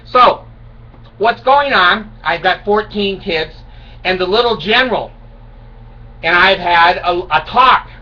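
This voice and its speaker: A man's voice: high-pitched, slow pace, pauses often, pushed and bright. A man in his sixties telling a rambling, self-mocking comic story to camera. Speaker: video blogger. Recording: dull distant home recording with faint hiss.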